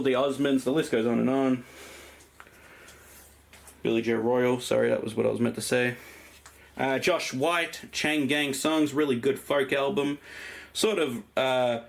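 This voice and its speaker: A man's voice: medium pitch, creaky. An Australian man casually showing his vinyl collection, rambling through it with plenty of ums and uhs. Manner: rambling, lots of ums and uhs while listing records. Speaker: record collector vlogger. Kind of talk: casual show-and-tell.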